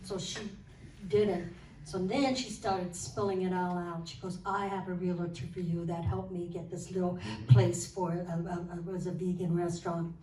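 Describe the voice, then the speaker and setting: A woman's voice: fairly low pitch, normal speed. A woman telling a personal story to a church group, acting out the conversations in it. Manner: animated, acts out quoted dialogue. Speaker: guest sharing a testimony. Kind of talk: casual storytelling testimony. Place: church hall. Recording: roomy hall, mic far off, faint noise.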